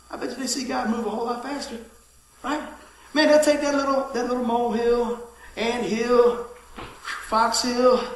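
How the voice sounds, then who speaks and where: Lively high-voiced pastor in an echoey hall. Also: male voice. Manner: lively storytelling, swings from shouting to hushed asides. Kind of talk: sermon.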